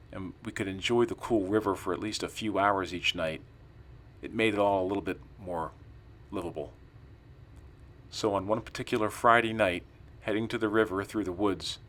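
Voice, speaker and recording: Male narrator, low-pitched, calm scripted storytelling with acted-out dialogue. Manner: calm storytelling, acts out quoted lines.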